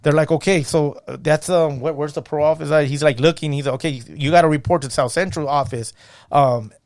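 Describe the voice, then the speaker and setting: A middle-aged man from California's San Gabriel Valley, a guest in a podcast studio, tells his own story casually with a fairly high voice, talking fast. He's an animated storyteller who acts out the voices of people he quotes, using fillers like "you know what I mean." The recording is studio quality with no echo.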